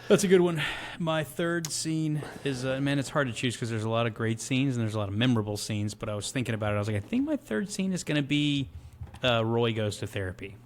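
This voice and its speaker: A man co-hosting a casual movie podcast, retelling scenes with animated energy. His voice sits at a middle pitch, and a faint hiss of noise hangs behind him. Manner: animated storyteller, retells scenes in quick bursts. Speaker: podcast co-host.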